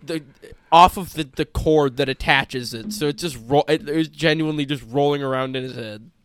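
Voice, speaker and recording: A man's voice: on the high side, normal speed, a bit bright, clear, resonant tone, no echo. A young man co-hosting a podcast, chatting casually with lots of swearing, restarts and joking. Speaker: podcast co-host. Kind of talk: casual chat.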